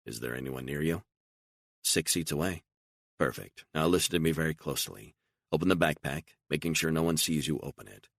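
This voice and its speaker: A calm, guarded male operative, voiced by the narrator in his own deep register for an audiobook. He answers in clipped, level phrases with a gravelly edge to the low voice. The recording is dry and close. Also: dry recording, heavily acted. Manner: terse, calm, measured.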